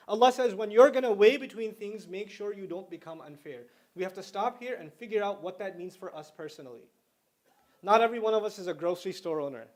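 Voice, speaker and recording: A middle-aged Islamic lecturer with a high, slightly mellow voice gives a religious lecture to students. His manner is conversational, explaining terms and slipping into slang.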